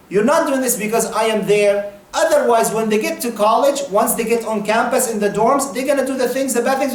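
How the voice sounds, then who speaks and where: Earnest preacher man in an echoey room. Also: very high-pitched. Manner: earnest, repeats key points, acts out short exchanges. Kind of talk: sermon.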